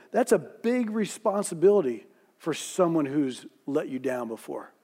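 A man delivers a sermon as a story, his voice pitched high. His tone is mellow and warm, and he eases into slow, quiet phrasing for quoted lines. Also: expressive. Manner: storytelling, voicing quoted lines softly and slowly. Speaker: preacher. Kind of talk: sermon narration.

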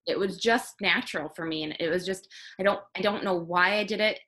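A woman's voice: lowish voice, fairly quick, a bit bright. A woman hosting an interview, talking in an earnest and reflective way. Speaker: host. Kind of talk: conversational interview.

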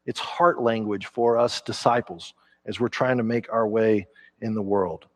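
A man, a pastor preaching a conversational sermon in a church, growing animated as he acts out quotes. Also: medium pitch, normal speed. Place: church sanctuary.

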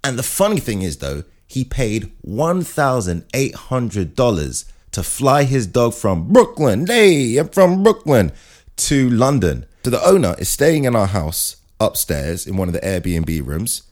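A man hosting his own show, telling rambling comic stories in an animated way. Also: fairly low pitch, a little slow, hardly any pauses. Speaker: podcast host. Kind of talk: comic monologue.

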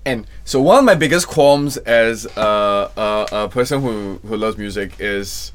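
A man hosting a podcast, speaking in a natural baritone with chest resonance, relaxed and thoughtful. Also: unhurried, soft background music. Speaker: podcast host. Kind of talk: casual podcast conversation.

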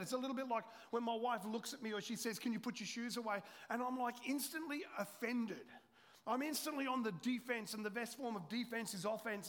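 A middle-aged man preaching a sermon as a pastor, swinging between loud urgency and hushed, intimate storytelling. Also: very high voice, fairly quick. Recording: long hall reverb.

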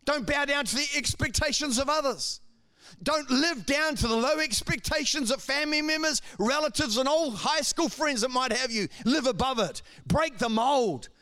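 A male pastor with a strikingly high voice preaches with fervor. His delivery moves between calm explanation and raised, urgent passages. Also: normal speed. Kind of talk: sermon.

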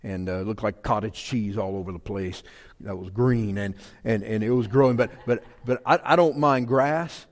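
A man's voice: fairly low pitch, moderate pace, big-room sound. A man preaching a sermon in a folksy, emphatic way, repeating his key phrases. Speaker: pastor.

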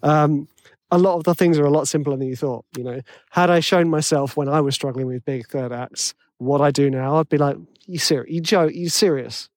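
A man's voice: on the high side, fairly even intonation, brisk, darkish tone, no room sound. A man with a tenor voice hosting a podcast, rambling and self-deprecating in casual chat full of fillers. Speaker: podcast host.

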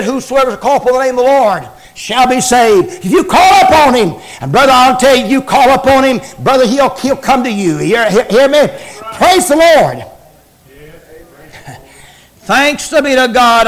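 A man preaching a revival sermon, fervent, shifting between loud shouting and quiet murmurs. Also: very high voice, rough recording.

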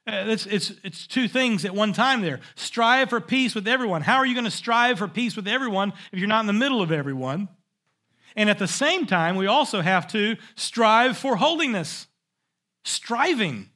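A man's voice: sits high, expressive, moderate pace, bright, forceful tone. A man preaching a sermon, emphatic and repeating his key phrases for weight. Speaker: pastor.

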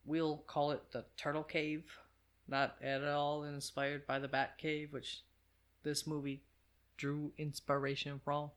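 A man's voice: fairly high pitch, completely flat delivery, slow pace, a bit bright. A man narrating a casual film review with chatty, offhand asides.

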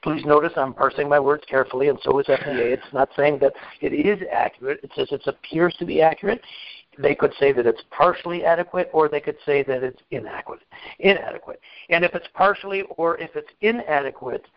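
Man, podcast host, measured explainer, dry dull lo-fi sound. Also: a little high, dry recording. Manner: deliberate, explains carefully with many fillers. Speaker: regulatory expert host. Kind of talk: casual explanatory chat.

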